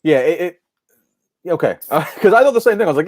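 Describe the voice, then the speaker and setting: A man co-hosting a wrestling podcast, giving an animated match recap in casual chat and often restarting his sentences. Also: fairly high pitch, quick pace, no echo, clean studio sound.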